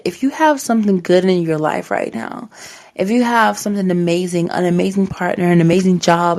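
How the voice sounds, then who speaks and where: A woman's voice: mid-range voice, a little mellow. A young woman hosting a faith-based podcast, speaking heartfelt and encouraging words straight to her listeners in a casual way. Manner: casual, says "like" often. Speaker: podcast host. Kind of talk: faith-based motivational talk.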